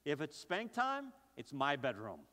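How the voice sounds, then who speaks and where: A middle-aged man preaches a sermon with fervor, his voice sitting a little high for a man. He stammers and restarts, then slows right down to draw out quoted scripture. The sound carries a long reverb from a large church hall. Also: huge pitch swings, bright, forceful tone. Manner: impassioned preaching with quick bursts and slow, drawn-out scripture quotes. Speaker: pastor.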